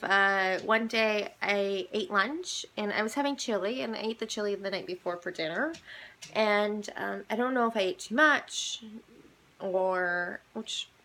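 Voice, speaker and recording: A woman's voice: mid-range voice, bright, forceful tone, slight background noise. A young woman vlogging in a casual, rambling chat, full of "like" and "um". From Canada. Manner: rambling, many "like"s and "um"s.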